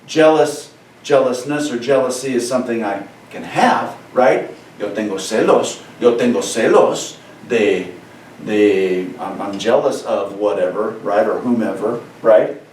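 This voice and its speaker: Joking teacher in an echoey room. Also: male voice, fairly low pitch, measured pace, distant mic, slight background noise. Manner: animated, joking, repeats key phrases and asks "right?". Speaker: Spanish teacher. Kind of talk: classroom lesson over a video call. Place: classroom or room with a board.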